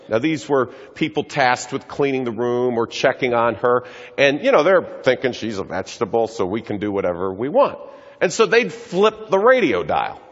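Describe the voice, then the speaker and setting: An earnest middle-aged man with a medium-pitched, slightly breathy voice tells stories in a public talk, acting out quoted voices. He addresses an audience in a large, echoey hall, and the recording sounds dull and lo-fi.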